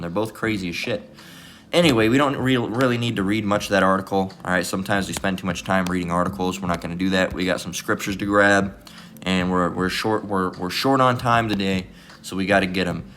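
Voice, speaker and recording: A deep, somewhat bright male voice, accompanied by a little hiss or hum, drifts through casual commentary on scripture. Presenting himself as a bible teacher, he swears liberally, strays from the point, and keeps punctuating with "all right?".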